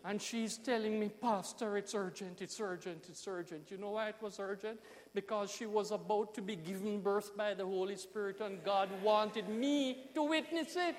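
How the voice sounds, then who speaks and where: High-voiced Jamaican pastor preaching. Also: male voice, normal speed, in a large hall, a little hiss or hum. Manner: animated storytelling, emphatic swings in loudness. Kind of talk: sermon storytelling.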